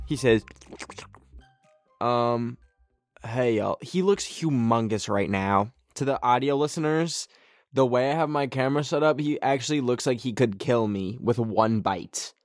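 A man's voice: mid-range voice, a little slow, no echo, clean studio sound, soft background music. A man hosting a podcast in casual chat from a friend's room, rambling with lots of fillers and poking fun at himself. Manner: rambling, filler-heavy, self-mocking. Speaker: podcast host. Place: friend's darkened bedroom.

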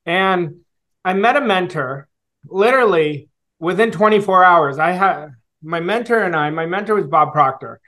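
A man's voice: high-pitched, lively intonation, pushed and bright. Earnest man telling his story. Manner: reflective, earnest, with fillers and pauses. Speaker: guest, sales coach. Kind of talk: storytelling interview answer.

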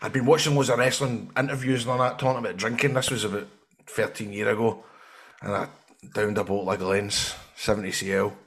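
A man's voice: fairly low pitch, fairly even intonation, fairly quick, fairly bright tone. A man with a Scottish accent telling a rambling, sweary story in casual chat.

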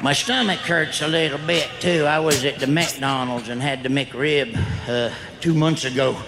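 A man's voice: on the high side, fairly even intonation, normal speed, fairly bright tone, echoey room. A man playing a crude, rambling redneck in a stand-up character bit, with folksy griping.

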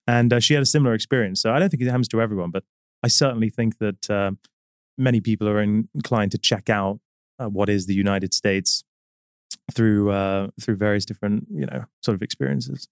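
A man with a British accent, a business guest telling stories in a relaxed interview, thoughtful and full of small pauses. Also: on the low side, dry recording, clean studio sound. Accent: British English. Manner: measured, reflective storytelling with many fillers. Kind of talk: casual interview chat.

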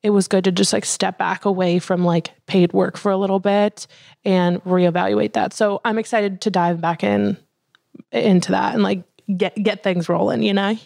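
Young female podcast co-host, casual and animated, gravelly fry, dry close mic. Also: medium pitch, moderate pace, no room sound. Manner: chatty, many fillers, animated. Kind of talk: casual chat.

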